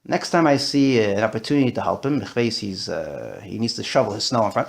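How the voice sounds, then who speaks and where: Fast-talking guy teaching a class, voice jumps up and down a lot, bit gravelly. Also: mid-range voice. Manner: animated, quick talker with Yiddish and Hebrew terms. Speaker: Torah teacher. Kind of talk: discussion-style class.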